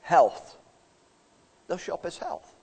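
A man's voice: slow pace, darkish tone. A man preaching a sermon as pastor, emphatic and folksy, asking his listeners questions.

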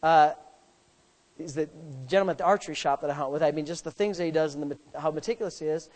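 A man preaching in a big hall, his voice trailing off into a long reverb. He swings from loud, climbing exhortation to low, folksy storytelling. He repeats himself and restarts sentences as he talks. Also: fast. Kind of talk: sermon with hunting story.

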